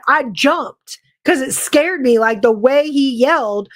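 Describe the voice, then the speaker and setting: Woman, podcast co-host, casual chat, teasing, quick interjections, high pitch. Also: animated. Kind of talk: casual live-stream chat.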